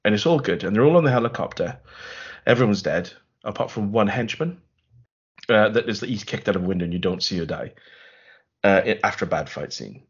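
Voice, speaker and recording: A man with a husky voice recaps a film in a rambling, sarcastic way for a casual podcast. He sounds dry and amused. The audio is dull and lo-fi. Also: fairly low pitch, animated, brisk. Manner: wry, rambling, sarcastic storytelling. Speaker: podcast co-host. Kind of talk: casual film review chat.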